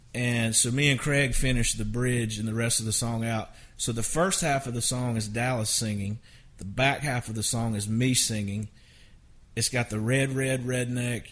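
A man's voice: mid-range voice, steady tone, moderate pace, a bit bright. A man, a songwriter guest, telling stories in a rambling, self-interrupting way with frequent chuckles. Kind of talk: casual storytelling interview.

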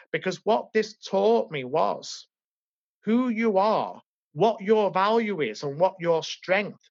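Speaking in a high register, this Liverpudlian interview guest reflects on his life with earnest emotion in conversation. There's no room sound, and the audio comes across dry, dull and lo-fi.

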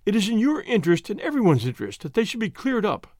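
A man's voice: high voice, sing-song, fast talker, darkish tone, no echo, clean studio sound, voice pushed up. A man doing a stern, probing police inspector. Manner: insistent, formal questioning. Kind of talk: audiobook reading.

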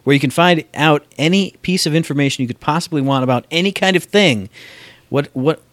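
A man co-hosting a podcast in casual chat, animated and mocking people with exaggerated voices. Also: on the high side, a little fast, dry recording. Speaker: podcast co-host.

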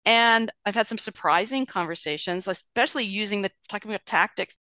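A middle-aged woman talking as an author and guest in an interview, chatty and animated, laughing often as she talks. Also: mid-range voice, fairly quick, no echo. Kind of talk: conversational interview.

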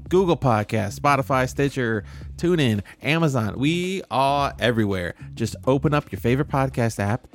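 In a casual sports betting chat, a man co-hosting a podcast rambles through picks and show plugs with wry self-mockery as his voice gives out. He speaks at medium pitch with lively intonation and a moderate pace.

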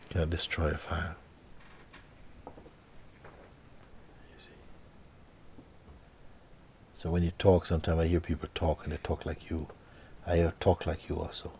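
A man teaching through a dramatic story, repeating words and swinging between loud and hushed delivery. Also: low voice, monotone, slow pace, vocal fry, long pauses, slight background noise. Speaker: spiritual teacher.

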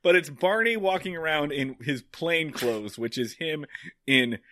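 A man co-hosting a podcast, giving a casual episode recap with wry, deadpan, profane humor. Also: a little high, a little slow, a little hiss or hum. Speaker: podcast co-host.

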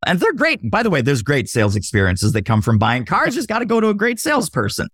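Excited guy on a podcast explaining sales stuff, bouncy voice, dry mic. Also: fairly high pitch, quick pace, slightly rough, no echo. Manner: animated, acts out sample dialogue. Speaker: sales expert guest. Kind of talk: podcast interview.

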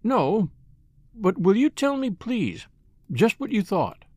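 A man's voice: high-pitched, sing-song, slow pace, a little mellow, no echo, voice pushed up, heavily acted. A man reading aloud, voicing a wealthy, spoiled young woman who is restless and distressed and talks in an eager, pleading way.

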